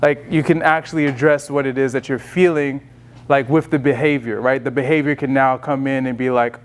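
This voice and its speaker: A man's voice: medium pitch, level tone, a little fast. A man leading a self-care session, talking through emotions in a casual, conversational way, full of fillers and restarts. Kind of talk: casual teaching talk.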